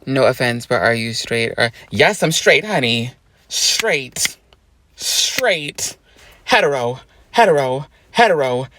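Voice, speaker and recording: A woman lip-syncing a clip in a very low, slow, insistent voice. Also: animated, a bit bright, dry recording, exaggerated voice. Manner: drawling, emphatic repetition.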